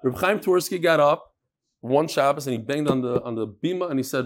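A man's voice: fairly high pitch, fairly quick. A man, teaching a Talmud class and telling stories with Hebrew and Yiddish terms.

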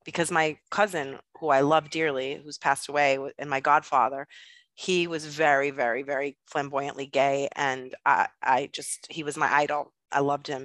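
Woman, guest, storytelling, blunt, swears, forceful, dry. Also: deep voice, dry recording. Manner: animated, blunt, swears freely. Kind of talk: personal storytelling in conversation.

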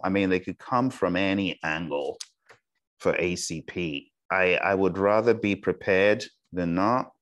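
A male instructor with a low, deep voice delivers a recorded lesson. He speaks at a deliberately slow pace so points sink in, and often checks in with his listeners. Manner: deliberately slow, repeats checks like "okay?" and "all right?". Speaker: exam prep instructor. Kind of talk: recorded online lecture.

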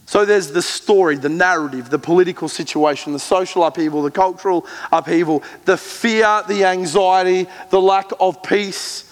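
A man preaching a sermon, retelling scripture with earnest emphasis and slow, measured readings. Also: high voice, fairly even intonation, big-room sound. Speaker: pastor.

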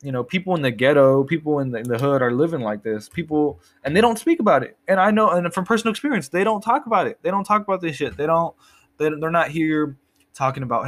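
A man's voice: a little high, expressive, fairly quick, a bit bright. A young man in a casual, rambling monologue, swearing often and repeating himself as he talks.

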